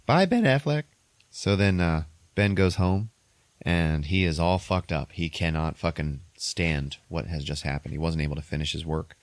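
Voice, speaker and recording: Low, dry-sounding male podcast host, profane and animated storyteller. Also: normal speed, no room sound. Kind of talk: casual movie recap.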